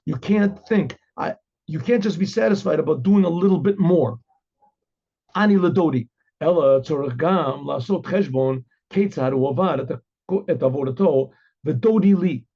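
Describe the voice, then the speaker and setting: A man's voice: on the high side, moderate pace, vocal fry, breathy edge. A man, a rabbi, teaching an informal Torah class in a chatty way, playing both sides of an inner dialogue and reading Hebrew lines before translating them. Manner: repeats and restarts phrases, reads Hebrew then translates. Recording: dull lo-fi recording.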